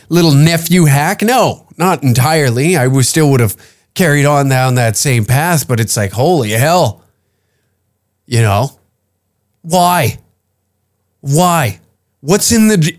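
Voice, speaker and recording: A man in his fifties hosting a comedy podcast, ranting in a profane, rambling, incredulous way. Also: a little high. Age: 50s. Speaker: podcast host.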